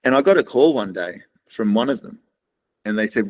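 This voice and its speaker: A man's voice: fairly low pitch, lively intonation, normal speed, rough recording. A middle-aged man with an Australian accent, a podcast guest telling rambling stories in casual talk and acting out what others said. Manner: rambling, acts out other people's lines in quoted voices. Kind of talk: casual storytelling interview.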